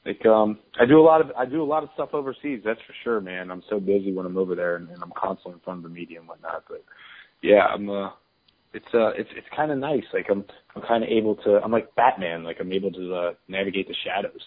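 A man's voice: deep voice, fast. A man, a former fighter, telling rambling, laid-back anecdotes as a guest on a phone call. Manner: relaxed, rambling anecdotes with restarts. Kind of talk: casual storytelling on a phone call. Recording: tinny phone line.

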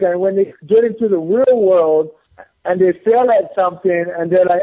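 A man's voice: high-pitched, moderate pace. A man in his thirties telling a story in a casual chat, blunt, heated and swearing often. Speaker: podcast guest. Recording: phone-like lo-fi podcast audio.

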